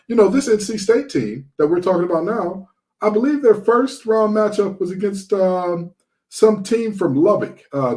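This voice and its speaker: A man's voice: a little high, darkish tone. A man from Detroit hosting a sports podcast, talking casually with sarcastic, mocking humor.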